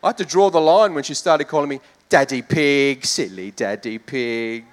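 A pastor preaching, his voice sitting somewhat high for a man. He talks in an easy, conversational way that climbs into fervent emphasis. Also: a little fast. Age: adult with children. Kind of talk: sermon.

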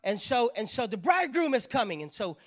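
A woman's voice: a little high, sing-song, fairly quick. Brief: woman preacher, chatty sermon delivery, stacks rhetorical questions, tags lines with "right?". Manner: conversational, keeps asking "right?".

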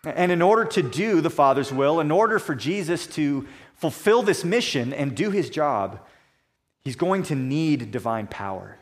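A man preaching a sermon, measured and conversational, slowing down and dropping soft for emphasis, with homely illustrations. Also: fairly high pitch, expressive. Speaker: pastor.

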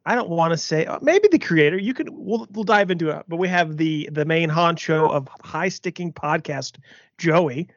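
A man's voice: fairly high pitch, expressive, normal speed, dry recording. A man hosting a casual podcast, asking questions in a loose, joking, profane way. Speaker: podcast host. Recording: dull lo-fi audio.

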